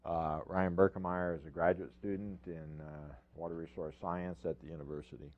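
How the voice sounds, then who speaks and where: An older man with a very deep, low voice gives a research talk to a room of professionals. He is from upstate New York and speaks in a halting, friendly way with many fillers and restarts. The sound is narrow and phone-like. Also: little pitch movement. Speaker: university researcher presenting. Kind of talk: informal technical presentation.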